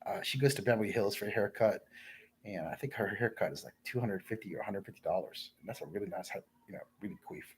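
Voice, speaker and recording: A man's voice: fairly low pitch, fast talker, a little hiss or hum. A man telling crude, rambling, repetitive stories on a livestream and reading viewer comments aloud.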